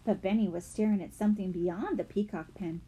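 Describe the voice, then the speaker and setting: A woman narrating a children's mystery audiobook with expressive storytelling. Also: mid-range voice, brisk, breathy edge.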